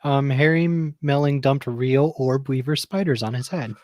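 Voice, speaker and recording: A man with a Southern US accent co-hosts a casual movie review show. He speaks at an ordinary middle pitch and jokes in a dry, wry way. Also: normal speed, darkish tone, no room sound. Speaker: podcast co-host.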